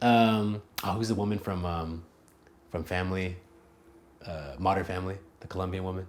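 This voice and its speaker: A man with a fairly low voice answers interview questions about learning languages. He talks in a loose, animated way, full of "like" and "you know," and often restarts a phrase as he works out his thoughts. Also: a little fast. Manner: casual, animated, many "like" and "you know" fillers; thinks aloud, restarts phrases. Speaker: language coach, interview guest.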